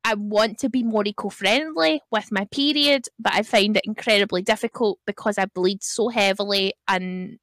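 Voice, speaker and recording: A woman's voice: mid-range voice, normal speed, few pauses, no echo. Woman, frank and joking, podcast chat, dry close sound. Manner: frank, joking, animated storyteller.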